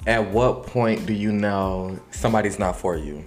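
A man's voice: lowish voice, normal speed, faint music behind. A man with a Detroit accent co-hosting a casual chat, playful and teasing, laughing often. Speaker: co-host.

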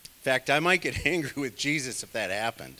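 Bright-voiced man preaching casually. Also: medium pitch, expressive, fairly quick. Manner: conversational preaching with many asides. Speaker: pastor. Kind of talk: sermon.

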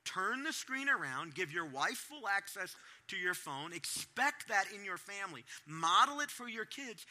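A middle-aged man preaches to parents in a high, lively voice that leaps up and down as he acts out his own reactions. His tone is bright and forceful, never still for long. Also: moderate pace, few pauses. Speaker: pastor. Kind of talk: sermon to parents.

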